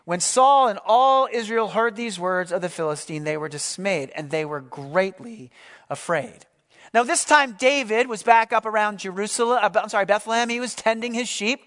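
A pastor preaching a sermon, reading scripture and explaining it in a relaxed, conversational way with asides. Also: male voice, high voice, normal speed.

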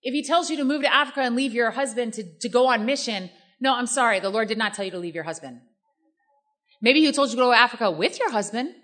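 Female preacher, high bright voice, emphatic sermon delivery with call-and-response.

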